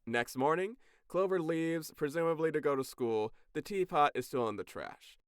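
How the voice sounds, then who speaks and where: Sarcastic male co-host, clear smooth voice, very expressive. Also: fairly high pitch, normal speed, no echo, studio quality. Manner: animated, sarcastic storytelling with profanity. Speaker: podcast co-host. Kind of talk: casual recap chat.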